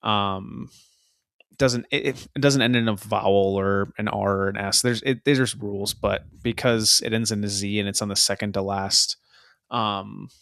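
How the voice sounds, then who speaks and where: Man, podcast co-host, casual explaining tone, low pitch, dry close mic. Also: fairly even intonation, vocal fry, a bit bright, smooth, no echo. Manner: explanatory, measured, with frequent "you know". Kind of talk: casual football chat.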